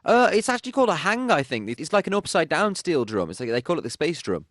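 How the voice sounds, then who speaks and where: A man's voice: on the high side, sing-song, quick pace, a bit bright, no echo. A young man, chatting casually and playfully as a guest in a radio studio interview. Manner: chatty, laid-back, playful. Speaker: interview guest, pop singer.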